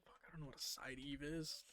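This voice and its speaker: A man's voice: a little high, sharp tone, slight background noise. Profane, chatty male game streamer. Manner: loose and profane, laughing often, muttering to himself while searching. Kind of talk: casual live-stream chat while playing.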